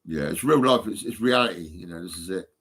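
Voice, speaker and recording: A man's voice: deep voice, lively intonation, brisk, fairly bright tone, slightly rough. A man, talking live on a stream in a rambling way, swearing often, with many fillers and restarts. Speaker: livestreaming vlogger.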